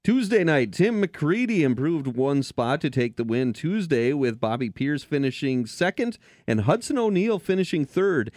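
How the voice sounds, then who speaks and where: A man hosting a racing talk show, reading race results in a steady, scripted way. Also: fairly high pitch, moderate pace, hardly any pauses, no room sound, studio quality.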